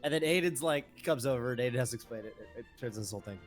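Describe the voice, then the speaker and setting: A man co-hosting a casual streamed chat show, chatty and quick to laugh, with lots of fillers. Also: medium pitch, expressive, soft background music. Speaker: co-host.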